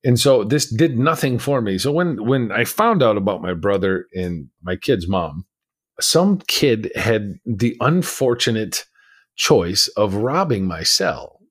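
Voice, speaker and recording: A man's voice: on the low side, lively intonation, a little slow, husky. A man on a podcast, telling his personal story in a candid, emphatic way. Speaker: podcast guest.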